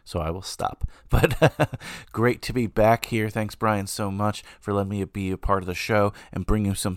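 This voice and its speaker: A man hosts a podcast in a casual, upbeat way, rambling through asides. His voice sits fairly low, and the sound is dry and close with no room echo. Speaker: podcast host.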